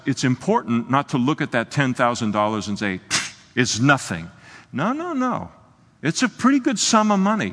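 A man preaching an expository sermon, emphatic and exclamatory, pausing on fillers and restarts. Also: medium pitch, fairly bright tone. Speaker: pastor. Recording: long hall reverb.

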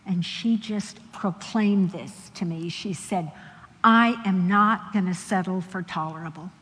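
A woman telling stories in a sermon, animated and laughing often as she acts out the people in them. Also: on the low side, a little slow. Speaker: Christian speaker. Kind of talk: sermon storytelling. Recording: long hall reverb.

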